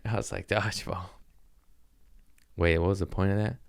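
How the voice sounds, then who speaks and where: A young man hosting a podcast, hoarse from screaming and sore, telling comedic stories in a casual chat. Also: deep voice, fairly even intonation, normal speed, no echo, clean studio sound. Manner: laughing through pain, sore and winded. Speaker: podcast host.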